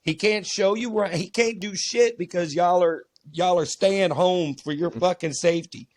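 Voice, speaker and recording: A father co-hosting a podcast chats casually and animatedly, cursing freely and slipping into mocking voices as he tells stories. His voice sits high and his speed is normal.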